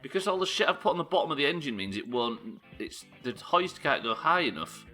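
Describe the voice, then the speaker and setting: Brief: young man, live gameplay streamer, bright tone, swings from muttering to loud outbursts, swears a lot. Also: fairly high pitch, big pitch swings, a little fast, soft background music. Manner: swears often, talks to chat, frustrated outbursts.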